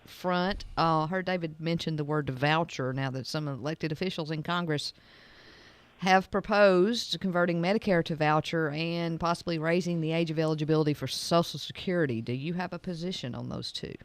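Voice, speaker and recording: A man's voice: fairly high pitch, moderate pace, no room sound. A man co-hosting a radio interview, asking direct, businesslike questions. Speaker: radio co-host.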